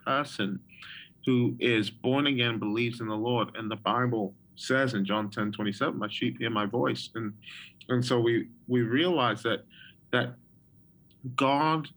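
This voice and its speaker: A man's voice: medium pitch, measured pace, a bit bright, rough recording. A man who is a guest and a prophet, telling his personal testimony with frequent ums and restarts.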